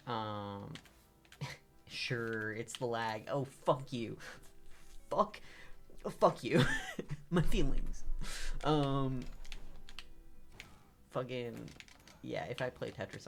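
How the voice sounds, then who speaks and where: A man streaming live gameplay, rambling to himself and his chat, swearing and breaking into loud frustrated outbursts. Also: on the low side, creaky. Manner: self-talk with teasing asides.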